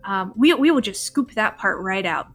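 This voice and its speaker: A woman voicing a huge, greedy female badger creature in a tabletop game, talking quickly and eagerly. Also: medium pitch, animated, a bit bright, faint music behind.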